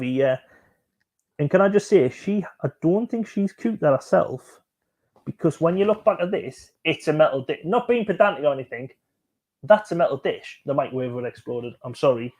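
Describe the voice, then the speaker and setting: Reacting to music videos and reading out comments from viewers, a man keeps his live stream casual with jokes and chatter. His voice is medium-pitched with a warm tone.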